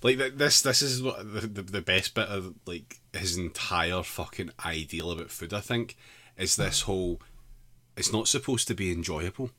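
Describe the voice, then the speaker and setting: A man's voice: low-pitched, normal speed, sharp tone. A British man co-hosting a casual comedy chat, blunt and sweary with dry jokes. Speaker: podcast co-host.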